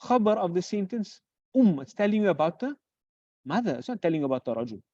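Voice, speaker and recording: A teacher giving a grammar lesson who poses questions and answers them, repeating example phrases slowly. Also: medium pitch, very animated, mellow, dry recording. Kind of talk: classroom lecture. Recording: dull lo-fi recording.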